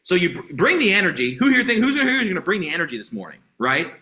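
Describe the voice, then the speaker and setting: A man coaching a sales team on a video call, talking in an energetic, hyped way with lots of repeated exhortations. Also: high voice, fast. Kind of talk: motivational sales training talk.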